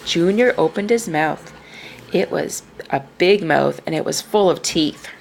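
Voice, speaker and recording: A woman reading a children's picture book aloud in a slow, expressive way. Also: lowish voice, creaky, a little hiss or hum. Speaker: storyteller.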